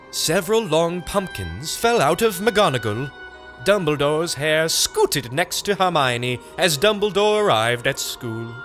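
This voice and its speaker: A man narrating a comic nonsense story with a slow, deadpan delivery. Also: fairly high pitch. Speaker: audiobook narrator.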